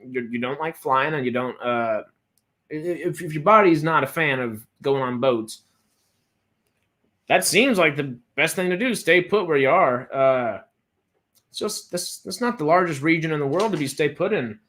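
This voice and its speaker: A man's voice: fairly high pitch, animated, moderate pace, fairly bright tone. A man from Texas hosting a casual livestream chat, rambling with frequent restarts and fillers. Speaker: host.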